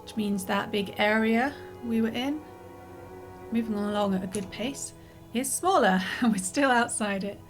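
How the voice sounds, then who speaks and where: A woman streamer talks her way through a game in a casual, rambling way, with a slightly higher voice. She sounds a little out of breath and keeps apologising and restarting. Soft game music plays in the background. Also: a little slow. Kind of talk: casual let's-play commentary.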